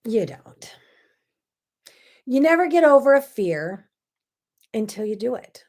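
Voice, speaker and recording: A woman hosting her own casual morning talk show, telling stories with lively energy and sudden bursts of loud emphasis. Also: high-pitched, normal speed. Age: 30s or older. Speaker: host.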